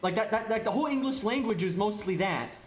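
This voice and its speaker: High-voiced man ranting on a stream. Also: expressive, quick pace, echoey room, soft background music. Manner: ranting, profane, keeps adding "right?". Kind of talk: casual rant on a live stream.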